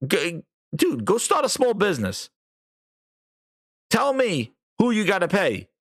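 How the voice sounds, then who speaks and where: Sarcastic ranting man, higher voice. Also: wildly swooping pitch, unhurried, fairly bright tone. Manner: sarcastic, mocking, swears freely, acts out mock quotes. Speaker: podcast host. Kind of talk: ranting commentary.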